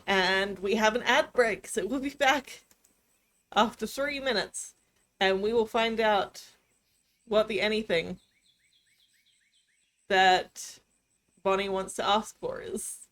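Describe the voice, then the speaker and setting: A woman's voice: medium pitch, slow, long pauses, fairly bright tone. A woman streaming a game, casually chatting and reading the story text aloud. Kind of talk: casual let's-play narration.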